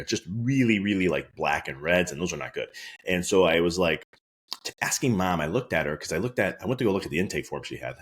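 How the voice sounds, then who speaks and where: Quick, low-voiced male podcast host and chiropractor; anecdotal, earnest storyteller. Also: husky. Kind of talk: casual podcast monologue.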